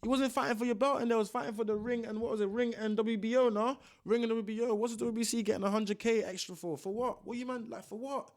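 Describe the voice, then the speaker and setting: A man's voice: extremely high pitch, fairly even intonation, fast talker, hardly any pauses. Slangy young man ranting. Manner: slangy, ranting, repeats himself. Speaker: boxing vlogger. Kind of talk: casual commentary.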